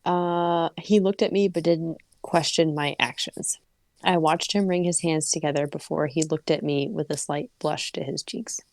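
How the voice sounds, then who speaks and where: Low gravelly lady reading a story out loud for a podcast, jokey, dry close mic. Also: steady tone, normal speed, no echo. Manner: reads prose evenly, breaks off laughing and joking. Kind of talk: casual read-aloud with chat.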